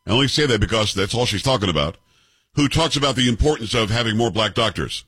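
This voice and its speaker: A man's voice: lowish voice, lively intonation, fast, fairly bright tone, slightly rough, no echo. A man in his fifties hosting a commentary show, arguing with clips in a combative, sarcastic way and firing off rhetorical questions. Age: 50s.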